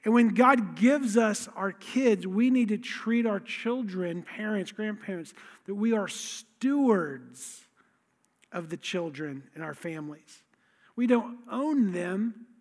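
A man preaching a sermon as a pastor, in a lively, conversational, storytelling way. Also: high voice, slow. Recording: long reverb of a large hall.

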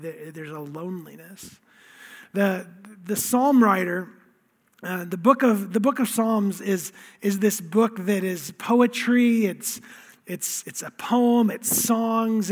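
A man preaching a sermon as pastor, earnest, often repeating words as he starts a thought. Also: sits high. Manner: earnest, reads scripture slowly with feeling, repeats words. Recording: long hall reverb.

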